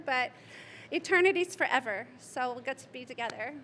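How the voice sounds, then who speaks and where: A woman's voice: high voice, animated, normal speed, a bit bright, slight background noise. A middle-aged woman giving a eulogy as a friend's mother, rambling through anecdotes and laughing through tears. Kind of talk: memorial speech. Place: memorial gathering hall.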